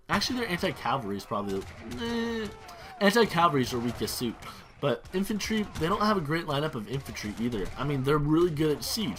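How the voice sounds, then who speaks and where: A man talking over his own strategy game match in loose let's-play commentary. He rambles with quick bursts of excitement, trips over and corrects his own words, and swears now and then. His pitch sits at an ordinary middle height for a man. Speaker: gaming YouTuber.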